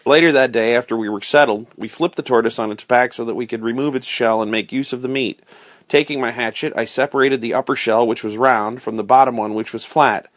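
Man, bedtime story reading, steady and expressive, mid pitch, dry close sound. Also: brisk, dry recording. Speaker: reader.

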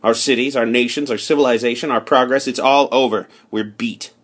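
A man reading the part of a grim, weary soldier with a hoarse voice, speaking in blunt, gloomy declarations. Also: mid-range voice, fairly even intonation, fairly quick, natural voice. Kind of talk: audiobook character reading.

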